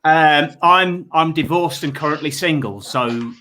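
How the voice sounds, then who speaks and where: A man hosting a comedy panel show, chatting casually and reading out questions in a wry, measured way. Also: a little high, sharp tone.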